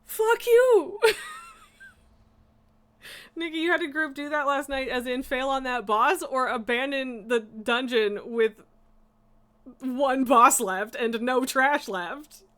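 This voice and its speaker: Young female streamer, exasperated gamer rant, high voice, slow delivery. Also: pushed and bright. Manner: exasperated ranting with frequent laughs and swearing. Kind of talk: casual live-stream rant while gaming.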